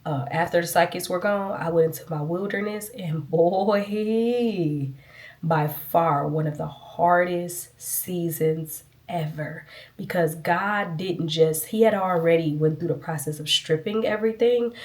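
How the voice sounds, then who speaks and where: Low-voiced woman, earnest and chatty. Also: a little slow, darkish tone. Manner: earnest, chatty, addresses viewers as y'all. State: sniffling, itchy nose. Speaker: vlogger. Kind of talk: casual testimony vlog.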